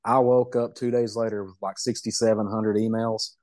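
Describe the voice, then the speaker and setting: Guy rambling thru a story, low voice, folksy, dry sound. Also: flat delivery, normal speed, a little mellow, no echo. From Southeast Kentucky. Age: middle-aged. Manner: folksy, rambling, self-amused. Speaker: podcast guest. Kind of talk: casual storytelling.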